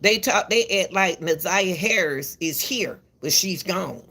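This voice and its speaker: A woman's voice: on the low side, animated, measured pace, creaky, fairly bright tone, husky. A woman giving casual commentary to the camera, emphatic and repetitive, lecturing parents and calling viewers "baby", often stumbling and restarting her words. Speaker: commentary channel host.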